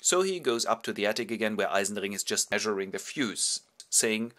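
A man's voice: fairly low pitch, animated, fairly quick, few pauses, fairly bright tone. A man retelling a stage play with wry, chatty, ironic narration. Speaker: host. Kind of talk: wry theatrical storytelling summary.

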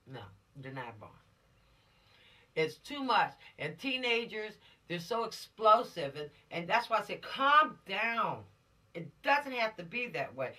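Animated woman police officer lecturing teens. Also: lowish voice. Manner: dramatic, animated storytelling with rhetorical questions. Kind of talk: law lesson for teenagers. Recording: voice from a distance.

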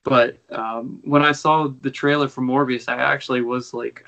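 A man's voice: medium pitch, steady tone, moderate pace, creaky, sharp tone, dull audio. A man co-hosting a casual film podcast over a video call, offhand and blunt in his opinions. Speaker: podcast co-host.

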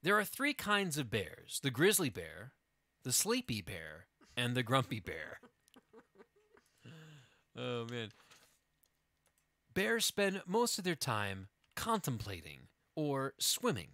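A man's voice: mid-range voice, wildly swooping pitch, takes it slowly, pauses often, sharp tone, no echo. A man hosting a casual gaming livestream, rambling through a goofy story with laughs. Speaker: livestream host. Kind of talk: casual gaming stream chat.

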